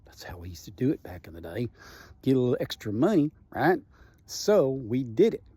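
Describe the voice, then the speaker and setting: A middle-aged man tells a story with a husky, mellow voice. He talks in an animated, profane way and keeps checking in with his listener. The sound is dry and close. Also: medium pitch, moderate pace, dry recording. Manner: animated, profane, frequent "right?" tags. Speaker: comedian telling a personal story. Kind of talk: casual storytelling.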